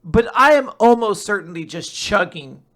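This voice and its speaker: Bright-voiced rambling podcast co-host. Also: mid-range voice, expressive, moderate pace. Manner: rambling, laughing, filler-heavy. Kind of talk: casual chat.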